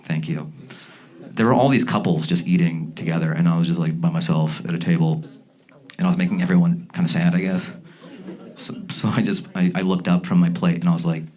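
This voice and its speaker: A man doing a stand-up comedy set, animated and jumping into loud, shouted character bits. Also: deep voice, a little fast. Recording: live comedy club with audience laughter.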